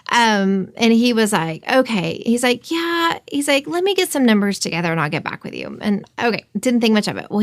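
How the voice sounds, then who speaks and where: A woman's voice: medium pitch, no room sound, clean studio sound. A woman telling a personal story in a casual, emotional way, full of fillers and acted-out quotes. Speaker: podcast host sharing her story.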